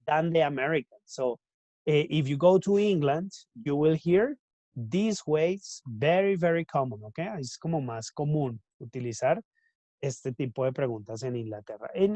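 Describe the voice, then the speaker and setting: A man's voice: a little high, a little mellow, no room sound. A man, a Spanish speaker, teaching an English class and often checking in with "okay?". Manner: switches between English and Spanish, many tag questions. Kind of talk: online class lecture.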